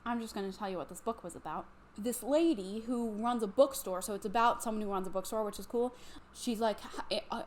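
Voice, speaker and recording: Slightly tipsy on wine, a book vlogger in her twenties chats at home about books in a casual, rambling review full of likes, ums, restarts, and self-interruptions. Her voice sits a little high. Some faint background noise can be heard.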